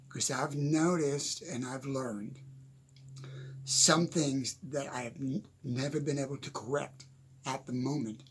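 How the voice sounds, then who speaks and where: A man talking casually into the camera from his desk at home, giving unscripted motivational advice, chatty and quick to laugh. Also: mid-range voice, slightly rough. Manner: chatty, laughs often, repeats "okay?". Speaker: motivational speaker.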